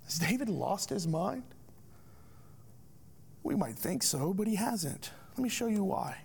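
High-voiced man preaching a sermon. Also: sing-song, measured pace, vocal fry, husky. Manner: rhetorical questions, emphatic preaching. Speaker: pastor.

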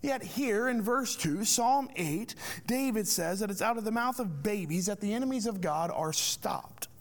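A man's voice: high voice, lively intonation, normal speed. A man preaching a sermon as a pastor, asking rhetorical questions with emphatic delivery.

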